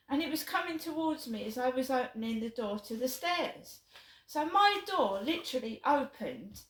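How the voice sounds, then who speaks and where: A chatty woman tells her story in a flustered, rambling way, often restarting her sentences. Her voice sits a little high. She records on a handheld phone while walking outdoors at night, and the sound is echoey. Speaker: vlogger. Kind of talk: casual vlog monologue.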